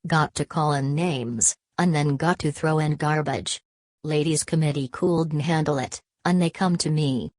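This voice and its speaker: Tubby, gruff migrant man read by a woman; blunt storyteller, low and dry. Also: a little slow, dry recording.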